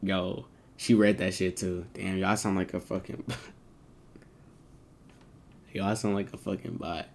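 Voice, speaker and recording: A man's voice: sits low, little pitch movement, a little slow, vocal fry, pauses often. A man livestreaming, chatting casually to his viewers in rambling slang full of swearing.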